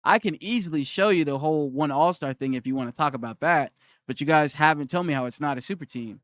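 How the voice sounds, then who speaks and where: A man's voice: fairly high pitch, fast talker, fairly bright tone, no room sound. A young man on a live stream who argues with his chat, repeats his challenge and reads their comments aloud.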